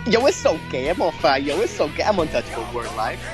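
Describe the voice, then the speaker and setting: Man doing a brash rapper-wrestler voice, swaggering boasts, higher pitch, music behind. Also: very animated, quick pace. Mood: cocky. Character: brash young male rapper-wrestler, cocky.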